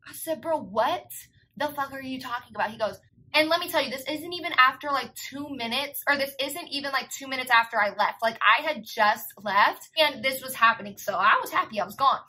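Young woman vlogger, high and bright, casual storytime delivery, slangy and profane, animated. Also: fairly quick, rough recording.

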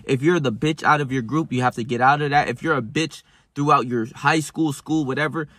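Young man, blunt, profane, motivational monologue, mid-pitched voice, dry close sound. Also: fairly quick, fairly bright tone, no echo. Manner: blunt and profane, with lots of "right?" and restarts. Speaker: self-help vlogger. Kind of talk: casual motivational monologue to camera.

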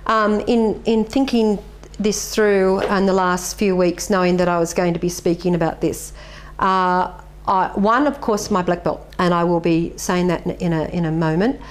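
A woman's voice: fairly low pitch, steady tone, normal speed. A middle-aged woman, a martial arts master giving earnest, reflective interview answers and telling stories with animation.

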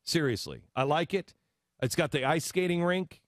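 A man hosting a talk show, speaking in a sarcastic, animated way into a studio mic. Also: a little high, normal speed, dry recording. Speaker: host. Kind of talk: talk radio commentary.

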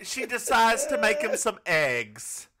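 Slow, lively Southern man. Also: high-pitched, a crowd in the background. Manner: teasing, stammering restarts, playful. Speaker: podcast co-host. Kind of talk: casual comedic chat.

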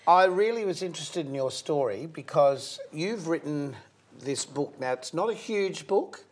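A man's voice: fairly high pitch, lively intonation, a little slow, husky. A man hosting a studio talk show, welcoming and introducing a guest in a friendly interviewing manner. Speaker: host.

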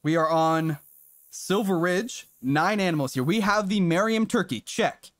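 A man streaming a hunting game, chatting casually and excitably with viewers and swearing now and then. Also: sits high, unhurried, no echo, studio quality. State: briefly out of breath. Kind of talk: casual live-stream commentary.

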